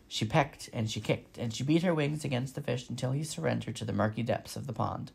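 A man reading a children's novel aloud with steady, expressive narration. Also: mid-range voice, a little fast, creaky, hardly any pauses, husky. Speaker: storybook reader.

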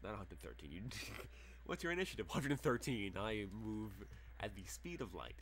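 A young man narrating as game master for a tabletop game, halting and full of fillers. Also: on the low side, sing-song, fairly bright tone.

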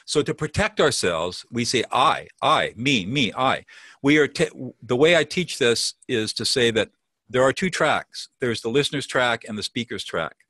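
A man's voice: medium pitch, lively intonation, moderate pace, a bit bright, no room sound. A man teaching as an interview guest. He explains with confidence and acts out short example phrases. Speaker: peacemaker and mediation teacher, guest.

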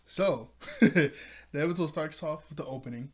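Excitable man recapping an episode. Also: a little high, moderate pace, husky. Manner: excitable, laughs often while retelling. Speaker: show reviewer.

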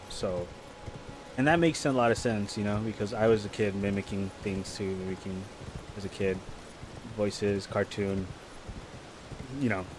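A man streaming a game live, chatting casually and rambling between loud, excited reactions to the play. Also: fairly low pitch, background noise. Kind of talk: casual live gameplay chat.

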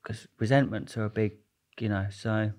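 A man's voice: lowish voice, fairly even intonation, moderate pace, a little mellow. A man being interviewed as a guest, telling his story in a rambling, jokey way. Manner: rambling, jokey, restarts a lot.

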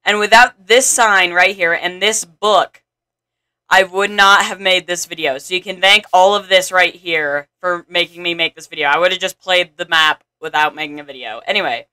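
A man talking casually over his own gameplay, thinking out loud and reading on-screen text aloud. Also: high-pitched, moderate pace, smooth. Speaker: gameplay video maker.

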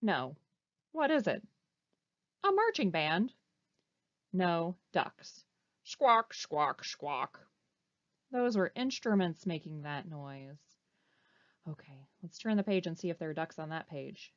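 Woman librarian, storytime reader, unhurried and expressive, quizzes the kids, dull dry recording. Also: on the low side, no room sound. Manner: animated, asks children questions. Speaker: children's librarian. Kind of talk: reading a picture book aloud. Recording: dull, slightly muffled recording.

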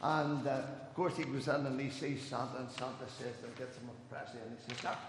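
A man, a church elder telling jokes at a gathering and raising his voice for each character. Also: fairly quick. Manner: animated storyteller, raises pitch for quoted voices. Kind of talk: after-dinner joke telling. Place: church hall. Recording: echoey hall, some noise.

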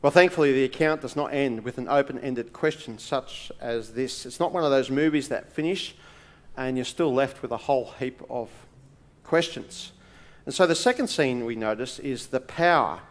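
A male pastor preaching a sermon in a church, emphatic, with dramatic pauses and swings between loud and soft. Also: medium pitch.

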